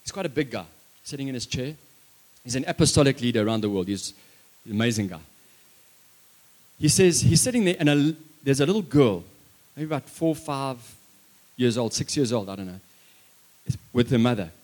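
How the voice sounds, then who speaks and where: A man preaching a sermon and telling a story, impassioned, swinging between loud emphasis and hushed lines, with chatty asides to the congregation. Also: mid-range voice, lively intonation, normal speed, pauses often.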